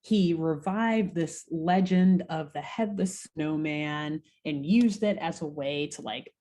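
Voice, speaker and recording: Podcast co-host, woman, fairly low voice, lively casual storytelling with swearing. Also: slow. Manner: animated, swearing, laughing storyteller. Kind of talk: casual recap chat.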